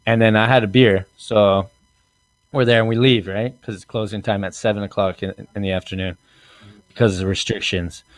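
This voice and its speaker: A man in his thirties hosting a comedy podcast, telling a story in an animated way, acting out quotes and laughing often. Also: lowish voice, normal speed, no room sound. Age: 30s. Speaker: podcast host.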